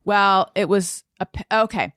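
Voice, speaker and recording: Chatting casually in a studio as a podcast co-host, a woman teases playfully and sometimes half-sings lines from songs. Her medium-pitched voice is a bit bright and unhurried, with no echo.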